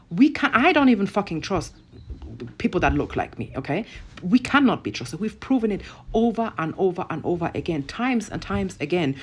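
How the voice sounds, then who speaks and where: A woman's voice: fairly low pitch, husky. A woman online commentator delivering a blunt, profane, emphatic rant straight to camera.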